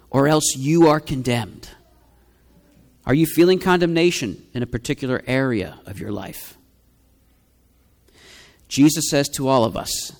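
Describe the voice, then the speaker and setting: A man preaching with an earnest, rhetorical delivery, his voice sitting a little higher than most men's. He drives each point home by repeating lines. A long hall reverb trails behind every phrase. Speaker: pastor. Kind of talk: sermon.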